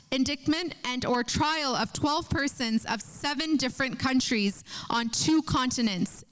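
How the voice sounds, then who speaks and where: A woman moderator reading a formal introduction of a speaker at a conference, steady with small slips. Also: on the high side, poor audio.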